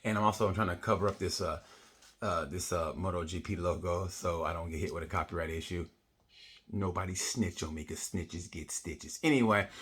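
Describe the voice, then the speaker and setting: A man's voice: lowish voice, pushed and bright. A middle-aged man giving a casual comedic race review, blunt, profane and rambling. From United States. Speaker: motorsport vlogger.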